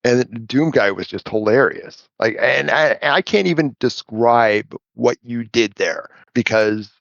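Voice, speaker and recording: A man's voice: mid-range voice, expressive, a little slow, creaky, a bit bright, no room sound, lo-fi sound. A man hosting a casual interview, reminiscing with his guest and chuckling along. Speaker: host.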